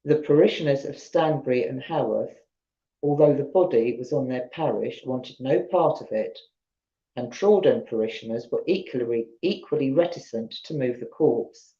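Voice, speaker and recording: A woman's voice: a bass voice, moderate pace, mellow. A woman with a Southern English accent, reading ghost stories aloud at home and chatting with her viewers between them. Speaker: storyteller on a live stream. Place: at home on a sofa. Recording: roomy, dull lo-fi stream audio.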